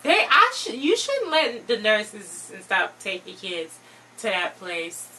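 A woman co-hosting a casual TV recap chat, adding quick comments and reactions. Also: mid-range voice, huge pitch swings, sharp tone. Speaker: co-host reviewing a TV episode. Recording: distant mic with faint background noise.

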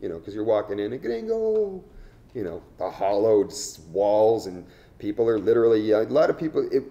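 A middle-aged man with a low, gravelly voice recounts his past as an interview guest. His tone is dark and mellow, and he talks haltingly, breaking off and restarting sentences as he goes. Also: dull audio. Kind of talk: candid storytelling.

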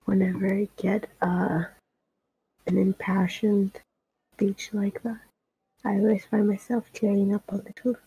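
A woman with a gravelly voice voicing an earnest teenage schoolgirl in a fan dub of game dialogue, pleading and gentle by turns. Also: medium pitch, little pitch movement, a little slow, long pauses, muffled recording. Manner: dubbing game lines with emotional pleading.

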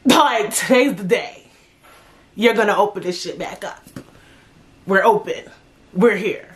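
A woman's voice: mid-range voice, a little slow. A young woman hosting her own podcast, ranting casually and profanely, repeating lines for emphasis. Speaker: podcast host. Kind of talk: casual rant.

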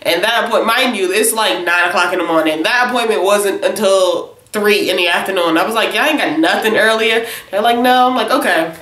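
A young woman tells a casual storytime vlog, animated and chatty, often tagging "okay?" onto her sentences. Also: medium pitch, fairly quick, few pauses, roomy sound. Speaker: vlogger.

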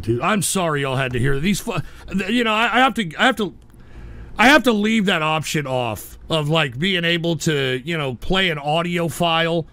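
A man's voice: fairly high pitch, sing-song, normal speed, creaky, pushed and bright, no echo. A man hosting a live stream, reading chat aloud and ranting at trolls in an exasperated way.

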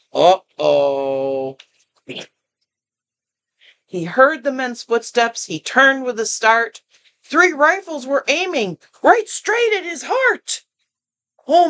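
An older woman reading a children's picture book aloud, expressive, often stopping to comment and to ask the listening child questions. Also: a little high. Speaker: storyteller.

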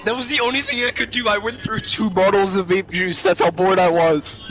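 A chatty man with a high, bright, ringing voice talks casually to friends during a gaming session. He rambles from topic to topic and keeps breaking into singing along. Faint music plays behind him. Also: steady tone, a little fast. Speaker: gamer streaming with friends. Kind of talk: casual chat while gaming. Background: music playing.

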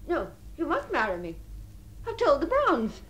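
An actress in a radio drama playing a refined, lonely woman who imagines she is about to marry, her voice moving between breathy tenderness and giddy excitement. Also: high voice, normal speed. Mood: confused, insistent. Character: deluded lonely upper-class spinster dreaming of marriage. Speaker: the Princess.

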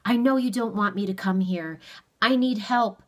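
A woman's voice: mid-range voice, normal speed, voice pushed up, lightly acted. A woman voicing a desperate, stubborn young teenage boy who speaks urgently, pleading and then commanding, in a storybook reading.

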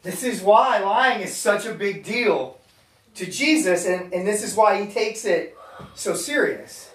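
A man's voice: high-pitched, lively intonation, measured pace, reverberant. Guy preaching to a room, casual but emphatic, sounds far off the mic. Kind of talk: sermon. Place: meeting room with an audience.

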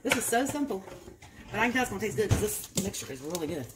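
A woman's voice: mid-range voice, very animated, quick pace, noisy background. A woman in a home cooking vlog, chatting and explaining each step as she goes. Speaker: cooking vlogger.

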